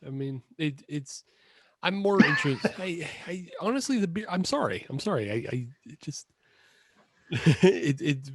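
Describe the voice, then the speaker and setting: A man's voice: a little high, lively intonation, unhurried, breathy edge, no echo, clean studio sound. A man co-hosting a podcast, chatting casually over a video call, rambling and correcting himself with frequent laughs. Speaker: podcast co-host. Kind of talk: casual chat.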